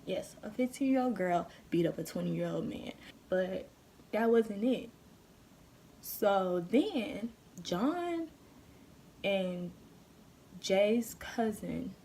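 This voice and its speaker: Brief: woman vlogger, dark gravelly voice, blunt storytime delivery with cursing. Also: medium pitch, a little hiss or hum. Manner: blunt, heated storytelling with profanity; addresses viewers directly. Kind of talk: casual storytime vlog.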